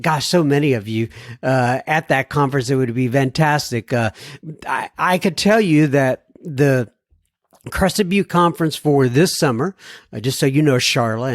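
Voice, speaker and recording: A man's voice: fairly high pitch, no room sound, clean studio sound. An American man hosting a podcast, chatting casually between listener emails and laughing at his own jokes. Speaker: podcast host.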